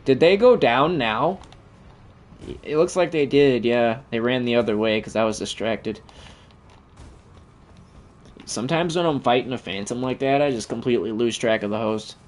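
A man's voice: mid-range voice, moderate pace, pauses often. A man giving profane, trash-talking commentary over his own gameplay as the channel host.

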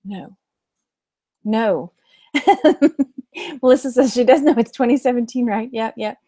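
This woman in her thirties speaks with a Texan accent, a slightly high voice and a dark tone, keeping a measured pace. A reseller and vlog host, she chats informally on a live stream, giggles frequently and reads out viewer comments, in clean studio audio with no echo.

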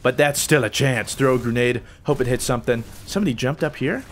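A man giving excitable live gameplay commentary, joking and trash-talking opponents as he plays. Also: mid-range voice, fast, slight background noise. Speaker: gaming channel host.

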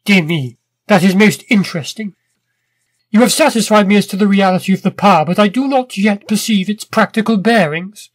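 A man's voice: sits high, a little fast, dry recording. Irascible old professor, voiced by a man, commanding and pompous, dry close mic. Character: irascible, powerful older male professor.

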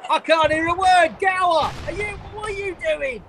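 An actress playing a young foot soldier who shouts over the noise of battle. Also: female voice, very high voice, normal speed. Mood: shouting. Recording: battle sound effects behind.

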